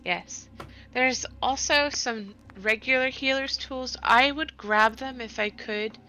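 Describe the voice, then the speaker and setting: A woman speaking as a player in a live tabletop game, chatty and quick to laugh. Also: sits high, bright, forceful tone, slight background noise, poor audio. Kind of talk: casual tabletop play.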